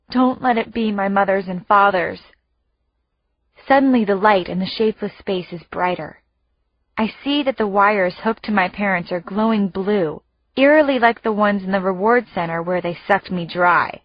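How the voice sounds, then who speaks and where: A woman narrating an audiobook in the first person with tense, hushed storytelling. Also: medium pitch, normal speed, no echo, highs cut off.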